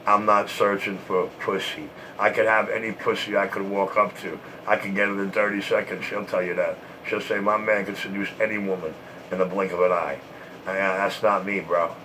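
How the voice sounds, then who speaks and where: A man's voice: sits low, flat delivery, normal speed, background noise. A man trash-talking and taunting in a repetitive, boastful way, short of breath from smoking.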